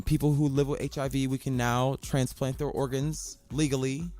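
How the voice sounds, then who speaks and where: A man hosting his own podcast in a casual monologue, sassy and profane, swinging his pitch up and down as he jokes. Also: a little mellow. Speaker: podcast host.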